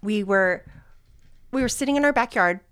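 A middle-aged woman chatting casually as a guest. She tells her story in a warm, chatty way and laughs often. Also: mid-range voice, moderate pace, clean tone, dry recording, studio quality.

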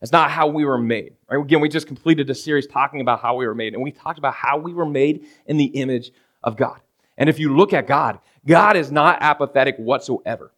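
A man's voice: mid-range voice, a little fast, a bit bright. A man preaching a conversational sermon as a pastor, often checking in with "right?" and acting out everyday scenes. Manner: casual, keeps asking "right?" of the congregation; acts out everyday scenes in quoted voices.

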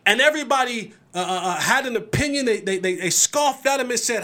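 A man hosting a solo sports podcast, talking in an animated, emphatic way and often repeating words as he builds his points. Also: extremely high pitch, quick pace, few pauses.

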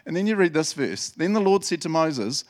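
A man preaching a sermon in an animated, laughing way, acting out voices from the Bible. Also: on the high side, brisk. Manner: animated, laughs often, acts out voices of biblical figures. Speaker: pastor.

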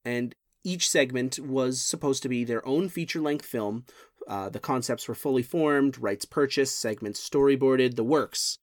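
A podcast co-host chatting casually about film history, animated and jokey, with big jumps in pitch when excited. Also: normal speed, no room sound, studio quality.

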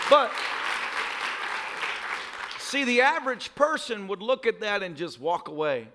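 Pastor guy in his 30s, high voice that cracks, laughs a lot while preaching. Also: a little slow, pauses often, a loud crowd, heavy background noise. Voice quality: voice cracks upward. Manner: animated storytelling with laughter. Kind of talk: sermon.

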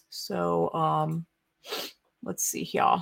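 A young woman with a somewhat low voice rants through online posts in loose, off-the-cuff commentary. She sounds indignant and swears freely, trailing off into fillers and restarts as she goes. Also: vocal fry. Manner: indignant, profane, rambling with fillers. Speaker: political commentary streamer. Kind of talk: casual ranting commentary while browsing posts.

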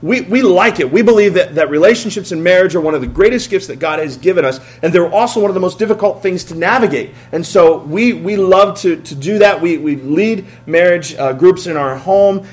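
Pastor in his thirties, quick to joke and quiz the room, fairly high voice. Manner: joking, conversational, asks the audience questions. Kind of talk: sermon. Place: church stage before a congregation.

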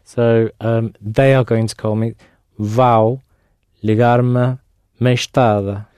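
A man's voice: medium pitch, level tone, slow, a little mellow, clear, resonant tone, no echo, studio quality. A man language student answering hesitantly in a lesson. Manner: hesitant, unsure.

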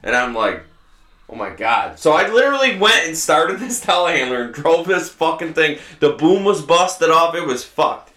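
A man's voice: a little high, normal speed, few pauses. A man hosting a farming podcast, telling stories in a casual, swear-heavy way. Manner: profane, animated storyteller. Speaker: podcast host and farmer. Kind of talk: casual storytelling chat. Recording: roomy echo.

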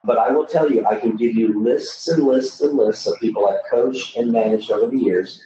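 A man's voice: mid-range voice, moderate pace. A middle-aged man coaching loan officers in a podcast conversation, emphatic, with frequent restarts. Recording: echoey, dull, distant mic with faint noise.

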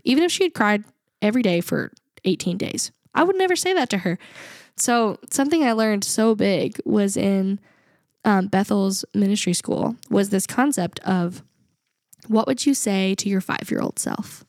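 A woman's voice: mid-range voice, animated, moderate pace, a little mellow, no echo, clean studio sound. A young adult woman co-hosting a podcast, talking in an earnest, reflective way and laughing often. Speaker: podcast co-host. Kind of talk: casual podcast chat.

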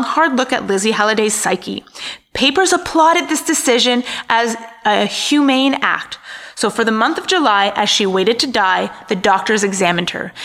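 A woman's voice: a little high, bright, forceful tone. A woman co-hosting a podcast, casually recounting a true-crime story with wry asides and stumbles over names. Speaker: podcast co-host.

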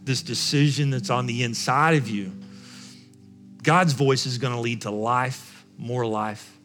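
A male pastor delivers a sermon in a mid-range voice, stressing key phrases and repeating them for weight. Soft music plays faintly behind him. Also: medium pitch, fairly even intonation, measured pace. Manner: emphatic preaching with repeated phrases.

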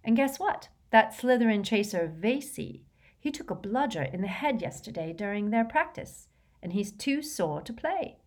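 A woman voicing a brisk, cheerful teenage witch who passes on news brightly. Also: medium pitch, very animated, voice pushed up. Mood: gleeful. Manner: bright, gossipy.

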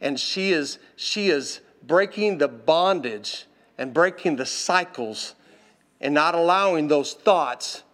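A man preaching a sermon, impassioned and exhorting, swinging from loud intensity to hushed tones. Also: on the high side, animated, takes it slowly.

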